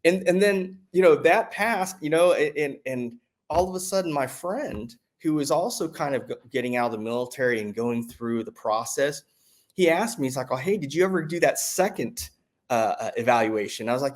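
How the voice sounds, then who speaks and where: A man, a military veteran, giving a casual spoken testimonial, halting with many restarts and fillers, his voice jumping up excitedly when he retells what was said. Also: on the high side. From United States.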